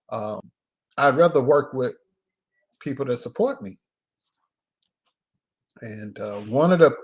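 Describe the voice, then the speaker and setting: Guy on a live stream, easygoing, jokey, keeps cracking himself up. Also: medium pitch. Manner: loose and joking, breaks into laughter, drawn-out pauses. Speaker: filmmaker and live-stream host. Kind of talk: casual live-stream chat.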